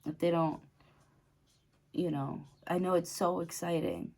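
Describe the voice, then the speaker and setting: A woman's voice: lowish voice, fairly even intonation, a little slow, a little mellow. A woman doing a casual tarot reading to camera, chatty and laughing often, with lots of fillers. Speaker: tarot reader.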